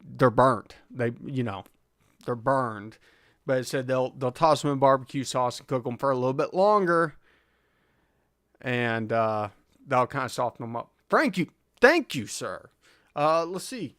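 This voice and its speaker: A man's voice: medium pitch, expressive, measured pace, fairly bright tone, no echo, clean studio sound. A man hosting a live car tuning stream, chatting casually, answering viewers' questions and chuckling often. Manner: laid-back, chuckling often, reads chat aloud.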